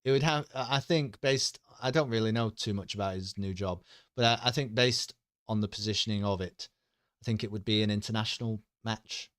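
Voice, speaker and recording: A man's voice: fairly low pitch, a little fast, a bit bright, clear, resonant tone, no echo, studio quality. A man chatting casually with his stream audience, rambling, joking and swearing freely.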